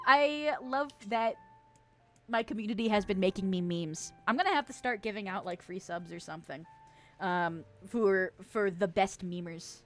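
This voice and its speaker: A woman's voice: mid-range voice, measured pace, fairly bright tone, faint music behind. A woman streaming a video game, chatting casually with her viewers and swearing often as she plays. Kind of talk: casual gameplay stream chat.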